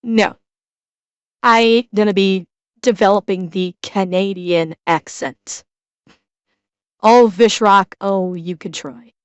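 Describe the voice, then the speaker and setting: A woman's voice: mid-range voice, slow pace, long pauses, smooth, no room sound, lo-fi sound. A woman from Chicago with a Midwestern American accent, casually chatting with her chat while reacting to a video as a streamer. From Chicago, USA.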